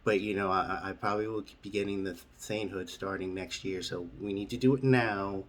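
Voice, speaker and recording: Deadpan man telling absurd tales. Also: low voice, brisk, slight background noise. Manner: matter-of-fact, deadpan. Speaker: storyteller host. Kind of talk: deadpan absurd comic monologue.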